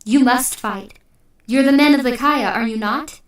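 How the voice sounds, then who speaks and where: A woman voicing a stern older male priest who preaches forcefully to a crowd of townsfolk. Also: on the high side, measured pace, a little hiss or hum, close to an everyday voice. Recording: echoey room, distant mic.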